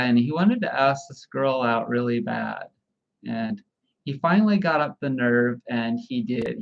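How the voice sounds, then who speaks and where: Man, livestream host, casual rambling chat, talks to viewers, medium pitch, muffled audio.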